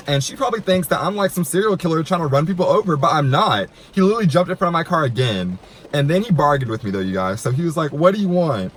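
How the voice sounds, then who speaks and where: Chatty man telling a dramatic story. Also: fairly high pitch. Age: 20s. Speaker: YouTuber. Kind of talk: storytime vlog. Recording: noisy room.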